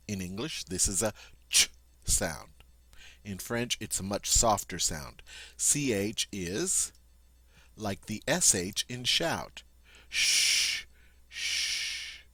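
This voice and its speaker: A man's voice: on the low side, bright, forceful tone, no echo. A man giving a French pronunciation lesson, patiently explaining and demonstrating each sound. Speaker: French teacher. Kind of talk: language lesson.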